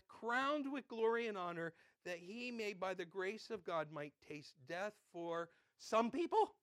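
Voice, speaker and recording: High-voiced animated male preacher. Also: measured pace, few pauses, no room sound. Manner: animated, acts out playground kids with shouted bits. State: out of breath. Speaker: pastor. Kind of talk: sermon.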